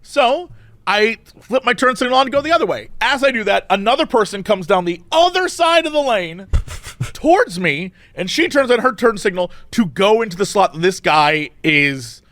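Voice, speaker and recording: A man's voice: high-pitched, normal speed, no echo. A man co-hosting a podcast, telling a story casually and acting out what other people said. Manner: animated, acts out other people's lines. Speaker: podcast co-host.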